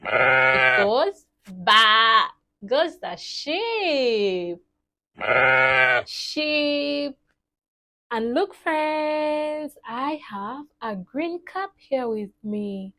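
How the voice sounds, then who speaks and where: Slow sing-song woman teaching toddlers. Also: sits high, very animated, a bit bright. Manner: slow, exaggerated and cheerful, imitating animal sounds. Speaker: children's teacher.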